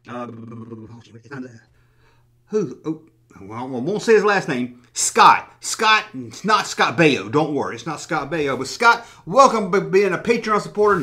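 Sarcastic man with a lively voice. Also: a little high. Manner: sarcastic, joking, swears freely. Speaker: toy collecting YouTuber. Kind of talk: casual vlog, reading comments.

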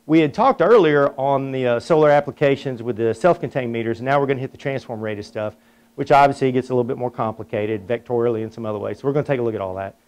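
A man's voice: mid-range voice, quick pace, a little mellow, clear, resonant tone. A man hosting a technical webinar, chatting casually, telling stories and leading a prayer. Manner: folksy, chatty, tells anecdotes. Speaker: webinar host. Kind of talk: casual presentation with storytelling and prayer.

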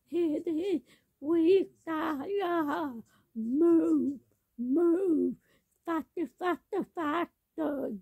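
A woman with an extremely high but dark-toned voice rambles in a sung-spoken monologue, chanting each phrase over and over. The recording is dry and tinny, like a phone.

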